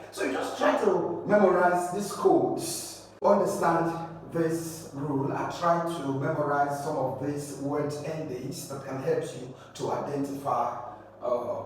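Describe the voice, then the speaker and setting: A high-pitched man with a Nigerian English accent teaches an exam prep lesson at an unhurried pace. He spells out letters and asks rhetorical questions. His voice sounds distant in a very echoey room with faint hiss behind it. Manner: explains slowly, quizzes the listener, spells out letters.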